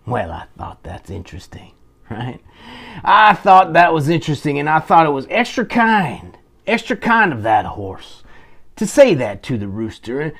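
Slow sing-song children's storyteller, male. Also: a little high, big pitch swings, a bit bright. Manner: slow, sing-song, playful, addresses viewers. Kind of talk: goofy kids' storytelling to a cactus.

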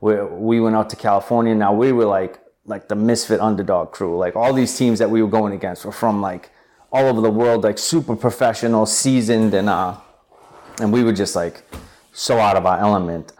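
A man's voice: lowish voice, moderate pace, darkish tone. A young man, an interview guest, telling his story in a rambling way, full of fillers and restarts. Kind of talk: storytelling in conversation.

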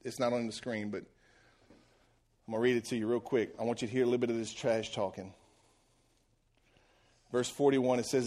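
A man preaching a sermon, telling a story with animated energy, acting out the characters' lines and laughing often. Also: medium pitch, normal speed, pauses often. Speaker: pastor.

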